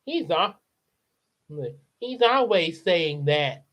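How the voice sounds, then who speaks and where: A man voicing a proud, eager young boy in a storybook reading, stammering with excitement. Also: high voice, very slow, exaggerated voice, rough recording. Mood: matter-of-fact.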